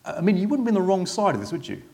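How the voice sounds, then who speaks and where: A male preacher delivering a conversational sermon, pitched a touch high with a gravelly rasp. He keeps checking in with the listeners through tag questions. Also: big pitch swings, very fast, dark tone.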